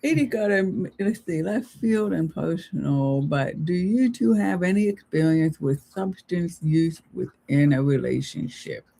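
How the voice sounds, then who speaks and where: A woman's voice: lowish voice, expressive, unhurried, vocal fry, few pauses, dark tone. An older woman co-hosting a casual live chat, putting in dry, teasing remarks and short replies. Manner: dry, teasing, brief interjections. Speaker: co-host.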